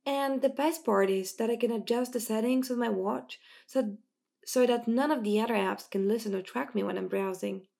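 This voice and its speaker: A woman reading the part of a nerdy, sarcastic teen boy obsessed with privacy, in her own slightly gravelly voice. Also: fairly high pitch, normal speed, mellow. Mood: excited. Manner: sarcastic, earnest.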